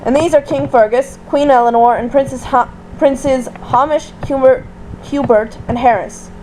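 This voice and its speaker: A woman's voice: sits high, fairly even intonation, normal speed, warm tone, a little hiss or hum, lightly acted, low-quality recording. A woman voicing a polite young man who speaks formally and a little hesitantly.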